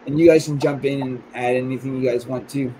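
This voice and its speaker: A man's voice: mid-range voice, steady tone, fast, warm tone, slight background noise, rough recording. A man in a casual chat, talkative and self-deprecating, giving growing advice.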